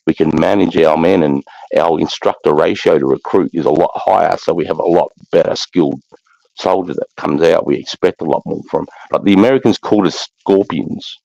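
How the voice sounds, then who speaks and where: A man's voice: sits low, a little fast, vocal fry, warm tone, no echo. An Australian man, an army veteran, telling war stories in a blunt, profane way and calling everyone mate. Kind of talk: casual war storytelling. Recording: dull muffled recording.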